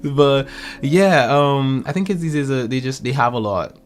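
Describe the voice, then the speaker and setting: A man's voice: medium pitch, moderate pace, faint music behind. A man, telling stories in a casual chat and acting out the voices in them. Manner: animated storyteller, acts out quotes. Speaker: podcast guest.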